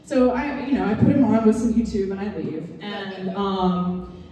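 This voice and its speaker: Woman comic, stand-up set, full of "um"s, warm and low-key, roomy live-club sound. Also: steady tone. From American South. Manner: halting, filler-heavy, dry self-mocking delivery. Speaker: stand-up comedian. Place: comedy lounge stage, live audience. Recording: roomy club echo, far mic.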